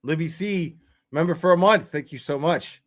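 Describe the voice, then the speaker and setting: Male livestream host, slightly high voice, casual, profane, rambling rants. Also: moderate pace, a bit bright.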